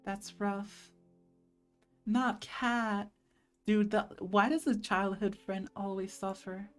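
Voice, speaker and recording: An animated woman streamer riffing through a visual novel, joking and cursing as she goes. Her voice sits at a middle pitch. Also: takes it slowly, faint music behind. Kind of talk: casual gameplay commentary.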